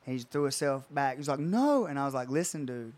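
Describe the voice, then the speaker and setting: A man's voice: medium pitch, little pitch movement, racing. A man who coaches jiu-jitsu, talking in a laid-back way and chiming in to finish the story. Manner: laid-back, chimes in and finishes others' stories. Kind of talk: casual chat.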